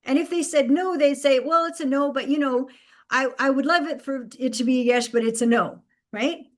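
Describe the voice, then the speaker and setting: A woman's voice: sits high, normal speed. A woman hosting a live spiritual guidance stream, speaking emphatically, repeating key phrases and laughing between points.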